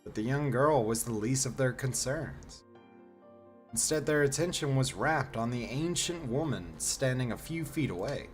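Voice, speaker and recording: A man reading a novel aloud on a stream, expressive and slow. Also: medium pitch. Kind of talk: dramatic reading with live reactions.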